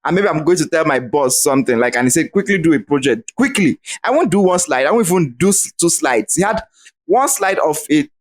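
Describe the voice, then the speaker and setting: A man's voice: fairly high pitch, lively intonation, brisk. A young Nigerian man with a Nigerian accent, a podcast guest ranting heatedly over a remote call and swearing freely. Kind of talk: casual podcast chat.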